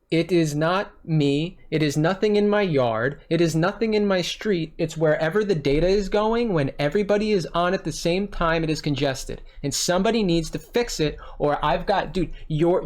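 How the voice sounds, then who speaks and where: A man venting his frustration to a support agent on a phone call, repeating himself and swearing as he goes. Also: sits high. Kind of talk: heated phone complaint. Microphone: recording his own side of a phone call.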